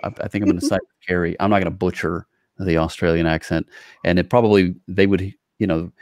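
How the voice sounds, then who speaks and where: Very deep-voiced male podcast co-host. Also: fast, no room sound, studio quality. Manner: relaxed, wordy, hedging with fillers. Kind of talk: casual interview chat.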